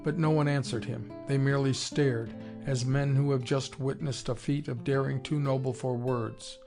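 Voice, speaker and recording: A man reading an audiobook in a steady, measured storytelling voice. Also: mid-range voice, over music. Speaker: audiobook narrator. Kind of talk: scripted narration.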